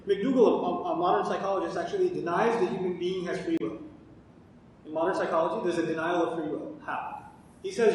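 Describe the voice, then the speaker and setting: A man teaching Quran commentary, asking his audience questions and answering them himself. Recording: echoey hall, distant mic, faint rumble.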